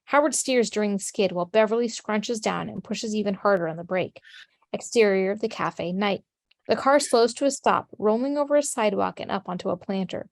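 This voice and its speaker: A woman's voice: mid-range voice, brisk, creaky, no echo. Woman narrator, plain mid voice, reads directions evenly, dry close sound. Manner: steady, matter-of-fact reading. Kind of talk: reading stage directions.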